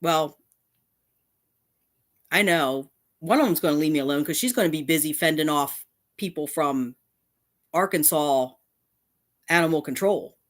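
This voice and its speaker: Low-voiced woman host, indignant rant, profanity. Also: lively intonation, a little slow, pauses often. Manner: indignant, reading out comments and swearing. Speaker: channel host. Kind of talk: angry response rant.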